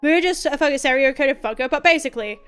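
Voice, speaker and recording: A woman's voice: sits high, quick pace, a bit bright, faint music behind. A woman streamer chatting casually, rambling and cutting herself off with stammered restarts, candid and a bit profane. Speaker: VTuber streamer.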